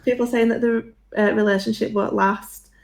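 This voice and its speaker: A woman with a Yorkshire accent co-hosting a live-streamed podcast, chatting frankly and quickly, laughing often. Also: a little high, little pitch movement, gravelly. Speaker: podcast co-host. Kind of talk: casual live-stream chat.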